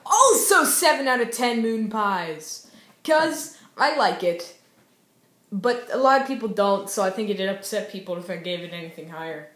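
A woman's voice: medium pitch, animated, moderate pace, fairly bright tone, reverberant. A young woman casually reviewing TV shows in a goofy, playful way, breaking into sing-song cheers. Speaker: YouTube TV show reviewer.

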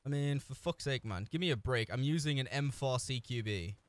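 A man's voice: medium pitch, brisk, a little hiss or hum. A man giving live commentary over his own shooter gameplay, swearing constantly, trash-talking other players and cracking jokes between frustrated outbursts. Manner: frustrated outbursts and joking asides. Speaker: gameplay streamer. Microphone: desk mic with a camera, no headphones.

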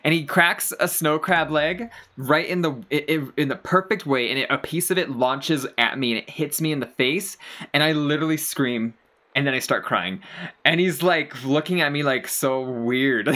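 A let's play gamer rambling through a personal story in animated, self-deprecating casual commentary. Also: mid-range voice, fairly quick.

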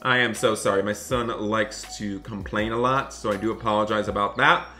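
A man playing a dad in an animated game roleplay, excitable and often scolding his son. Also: fairly low pitch, normal speed, faint music behind.

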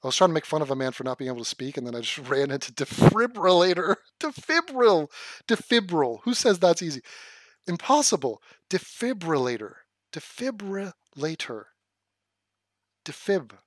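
A man's voice: on the high side, animated, moderate pace, dry recording. A man streaming live, swearing as he rants and stumbling over a hard word while laughing at himself. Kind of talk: casual livestream commentary.

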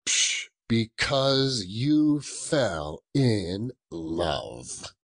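A man voicing a grumpy, scornful old miser in a storybook reading, with drawn-out, high, strained retorts. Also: big pitch swings, husky, exaggerated voice. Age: older. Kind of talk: audiobook character voice.

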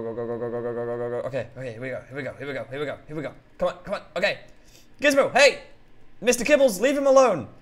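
A man hosting a game roleplay who talks excitably and keeps yelling out names and exclamations. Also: fairly high pitch.

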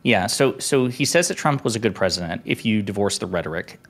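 A man's voice: fairly low pitch, expressive, a little fast. A man talking as a commentator guest in casual debate chat. He is emphatic and builds his case point by point.

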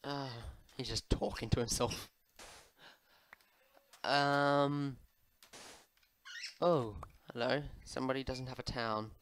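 A man talks over his gameplay at a home desk microphone, answering viewer questions. He drifts along unhurried, with a mid-range voice and plenty of ums and side remarks to his pet. A faint hiss sits under the recording. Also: mid-range voice, fairly even intonation, a bit bright. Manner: rambling and chatty, with many fillers, asides to his pet. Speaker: Minecraft YouTuber.

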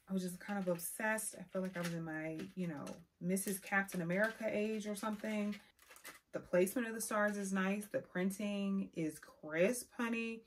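Young woman, beauty vlogger, sassy, expressive, chatty, mid-pitched voice. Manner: sassy, expressive, calls viewers honey. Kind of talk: casual product review.

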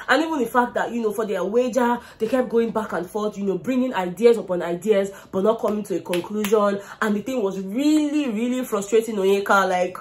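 A young woman with a Nigerian accent, telling a casual gossip recap in a chatty, animated way and often speaking straight to her viewers. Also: medium pitch. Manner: chatty, animated storytelling, keeps addressing viewers as guys. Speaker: reality show recap vlogger.

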